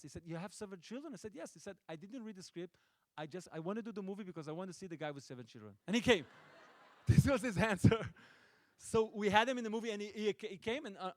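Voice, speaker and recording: A middle-aged Israeli man, a native Hebrew speaker and film director, answering audience questions with playful, deadpan jokes and frequent restarts. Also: high-pitched, no echo. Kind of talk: joking audience Q&A. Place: stage at a film festival event.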